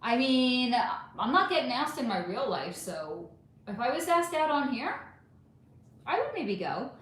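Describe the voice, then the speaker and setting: A woman with a fairly high voice hosts a relaxed livestream, reading and answering viewer comments in a chatty, animated way. The recording carries a noticeable room echo. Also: measured pace. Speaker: livestream host reading chat. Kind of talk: casual livestream chat. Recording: echoey room.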